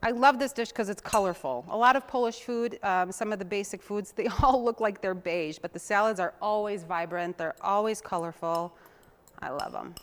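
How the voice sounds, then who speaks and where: A woman's voice: medium pitch, normal speed. A woman hosting a casual cooking demonstration, chatting to viewers in a homey way while she chops and mixes, sometimes drifting away from the mic. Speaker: cooking show host.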